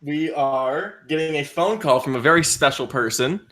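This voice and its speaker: Male podcast host, casual, bright and slightly high voice. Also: normal speed.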